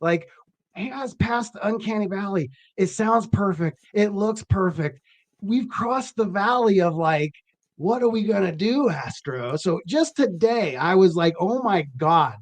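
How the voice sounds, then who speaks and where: Higher-voiced man telling animated stories. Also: measured pace. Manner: animated storyteller, acts out quotes. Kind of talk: casual chat.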